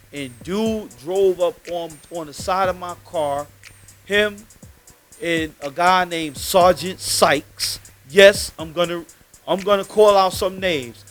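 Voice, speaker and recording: Animated New man telling street stories. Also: high voice. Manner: animated, slangy and emphatic. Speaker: podcast host. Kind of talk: casual street storytelling.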